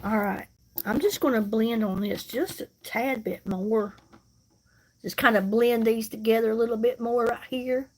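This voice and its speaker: Her pitch is fairly high and her tone steady and somewhat dark as a makeup livestream seller talks to her audience at a normal pace. While applying makeup, she keeps the chat casual, folksy, and reassuring.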